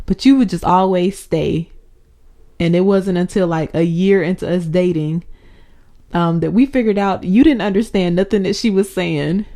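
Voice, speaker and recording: A woman's voice: fairly low pitch, warm tone. A young woman co-hosting a podcast, chatty and telling stories with frequent laughter. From New Orleans family roots. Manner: chatty storyteller, laughs often. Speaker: podcast co-host. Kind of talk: casual chat.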